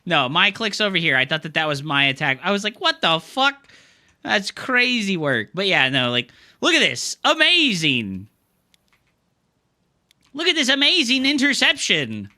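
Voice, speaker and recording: A man's voice: high-pitched, very animated, normal speed, sharp tone. A young man streaming live game commentary, ranting with frustration and cursing constantly in loose slangy gamer talk. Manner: frustrated ranting, heavy swearing.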